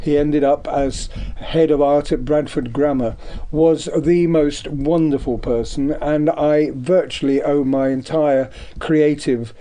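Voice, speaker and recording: A man's voice: a little high, fairly even intonation, slow, warm tone. An older man from Devon, an artist, reminiscing in a rambling radio interview with many ums. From Devon, England. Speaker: guest, artist. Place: radio studio.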